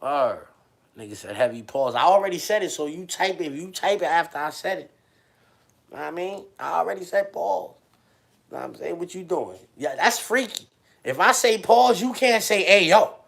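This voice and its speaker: A man hosting a livestream, chatting casually with viewers in loose, animated slang. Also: a little high, normal speed, creaky. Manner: slangy and animated, often addresses chat. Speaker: livestream host.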